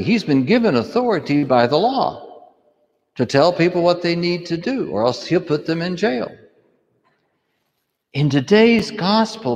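A man as priest or deacon, reading the gospel and giving an animated homily to children, asking them questions. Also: a little high. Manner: animated storytelling, asks kids questions. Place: church. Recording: long church reverb.

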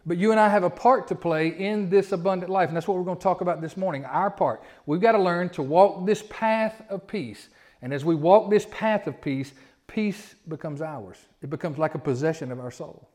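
A pastor preaching a sermon, his voice sitting a little high for a man. He talks in a folksy way, repeats his words and presses his points with rising emphasis. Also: moderate pace, darkish tone. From Southern United States.

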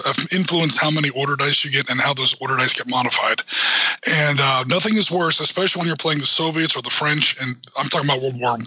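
A man with a very bright, slightly husky voice talks through military history in an easygoing, rambling way, full of fillers and restarts. The sound is dry and close, with no room around it. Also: on the high side, dry recording, rough recording. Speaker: podcast co-host. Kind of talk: casual wargaming chat.

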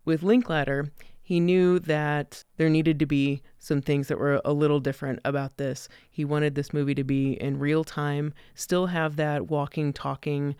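A man co-hosting a film podcast, laying out behind-the-scenes facts. His voice is very crisp and resonant, recorded dry and close. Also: on the high side, level tone, unhurried, a little mellow, no room sound. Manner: informative, recounting background facts. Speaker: podcast co-host.

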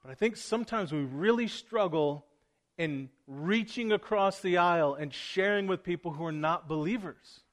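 A man preaching to his congregation in a church room. His voice sits a little high for a man. He is earnest and plain-spoken, and he presses his listeners to act. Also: normal speed. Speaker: pastor. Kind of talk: sermon.

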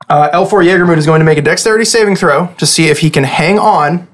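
A man narrating a tabletop game as game master, casual and lively, rambling with fillers. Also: on the high side, fast talker, few pauses.

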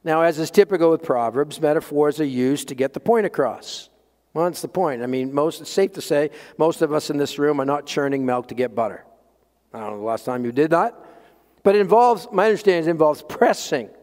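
A man preaching a sermon as pastor, emphatic, swinging between loud peaks and quiet low lines. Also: animated, a little fast. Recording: long hall reverb.

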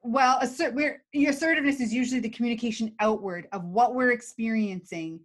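A woman's voice: a little high, a little fast. A woman co-hosting a talk show, explaining emotional skills casually, laughing often and acting out examples. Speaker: podcast co-host teaching emotional skills.

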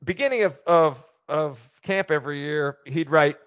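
A middle-aged man, a former football player, talks candidly as a podcast guest and tells animated stories. His voice sits on the high side. The recording is dry and dull. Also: moderate pace, clean tone, no echo. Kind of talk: casual interview chat.

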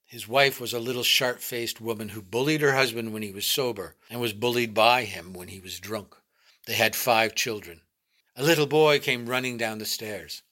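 A man reading a short story aloud in a measured, dramatic narration. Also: medium pitch, pushed and bright. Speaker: reader.

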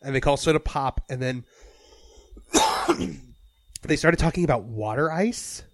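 A man's voice: mid-range voice, animated, slow pace, no echo. A man co-hosting a casual podcast chat, rambling with many fillers and restarts. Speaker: podcast co-host.

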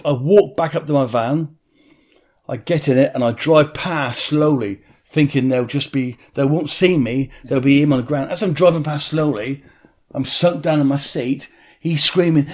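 A man's voice: fairly high pitch, moderate pace, a little mellow. A man telling a vivid personal story in an interview, blunt and swearing freely.

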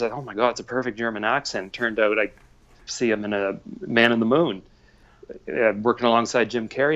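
A man in his forties, a podcast guest telling rambling stories with lots of fillers. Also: a bit bright. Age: 40s. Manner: rambling, chuckling storyteller with many fillers. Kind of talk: casual podcast chat. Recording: dull low-fidelity audio.

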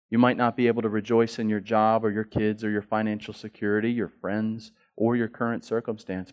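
A male pastor delivering a sermon, moving from quiet reflection to loud, fervent passages and acting out inner voices and prayers. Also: lowish voice. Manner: swings from quiet reflection to loud, rising passion.

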